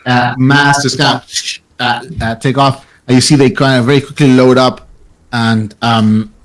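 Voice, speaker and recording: A young man runs a tabletop game as game master. His narration is halting and full of fillers and restarts, and his voice sits at a middle pitch. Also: flat delivery, fairly bright tone, low-quality recording.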